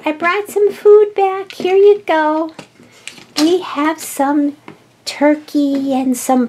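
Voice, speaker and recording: A chatty, cheerful cookie toy dad , played by a woman, bustles about feeding his family in a toy play story. His voice sits high and moves at an easy, unhurried pace. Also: darkish tone, slight background noise. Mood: proud.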